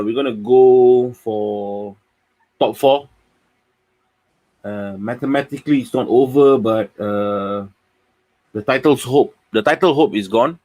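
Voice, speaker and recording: A man with a Malaysian accent hosting a casual football fan review, chatty and upbeat with many pauses. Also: on the low side, darkish tone, no echo. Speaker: football fan show host.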